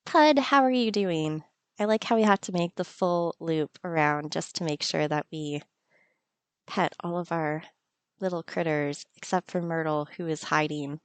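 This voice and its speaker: A woman's voice: low voice, no room sound. A woman hosting a let's-play of a farming game, chatting playfully and laughing often. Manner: playful, giggly, talks to the game. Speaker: gaming channel host. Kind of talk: casual let's-play commentary.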